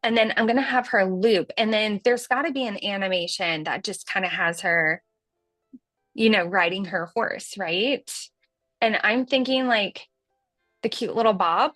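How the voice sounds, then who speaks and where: A woman in her thirties with a light Southern accent walks through a software demo in a chatty, self-teasing way. Her voice sits at a middle pitch and sounds close and dry, with faint music underneath. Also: measured pace, no echo. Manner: chatty and folksy, says y'all, laughs at herself. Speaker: livestream host demonstrating software. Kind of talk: casual on-screen tutorial.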